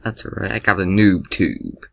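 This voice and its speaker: A young man doing excitable, jokey gameplay commentary with a gravelly voice, yelping at scares. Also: low voice, normal speed, no room sound, low-quality recording.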